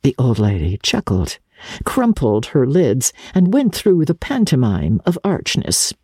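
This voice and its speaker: An audiobook narrator giving a measured, expressive reading of classic literary fiction into a studio microphone. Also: mid-range voice, husky, dry recording.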